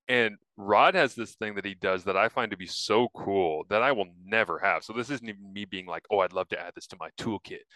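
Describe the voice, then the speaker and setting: Man, sports podcast host, low voice, forceful and bright, dry close mic. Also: brisk, few pauses, dry recording, rough recording. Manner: upbeat, chatty, laughs often. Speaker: podcast host and football analyst. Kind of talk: casual sports chat.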